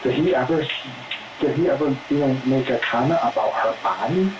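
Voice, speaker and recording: A man's voice: medium pitch, a little fast. A man working as a police interrogator, pressing his questions and repeating himself. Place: interrogation room. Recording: echoey noisy interrogation room.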